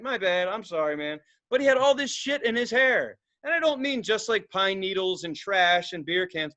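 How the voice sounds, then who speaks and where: A man's voice: sits high, animated, fast talker, pushed and bright. A man co-hosting a podcast, telling rambling, profane stories in casual chat and acting out the people he quotes. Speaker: podcast co-host.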